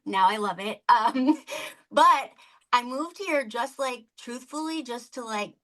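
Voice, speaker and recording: A woman's voice: on the high side, slow pace, a bit bright, poor audio. A woman podcast host from the Upper Peninsula of Michigan, chatting frankly and emotionally with many filler words. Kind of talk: casual chat.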